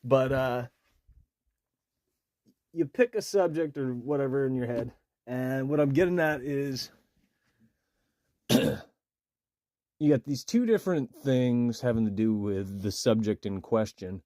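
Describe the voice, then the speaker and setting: A man's voice: medium pitch, slow, long pauses, warm tone, no echo, clean studio sound. A man ranting in a rambling, cursing monologue with a toothbrush in his mouth. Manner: rambling, cursing, frustrated rant. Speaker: vlogger. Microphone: phone.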